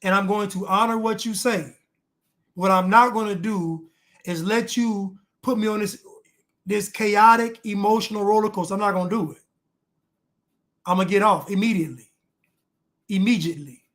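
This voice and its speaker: A man's voice: high-pitched, normal speed, pauses often, a bit bright. A man reacting to clips with blunt, emphatic commentary, repeating lines for emphasis.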